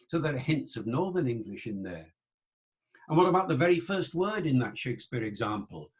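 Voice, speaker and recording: A man's voice: mid-range voice, sing-song, moderate pace. Man giving an explanatory online lecture. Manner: explanatory and conversational, with asides to the listener; demonstrates old pronunciations aloud. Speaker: lecturer on the English language.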